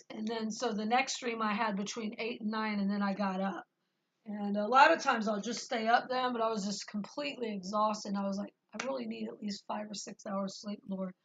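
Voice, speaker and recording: A woman's voice: on the high side, a bit bright, dull audio. A woman talking to her camera and sharing her spiritual experiences in an earnest, rambling way, with many fillers. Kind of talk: casual spoken testimony.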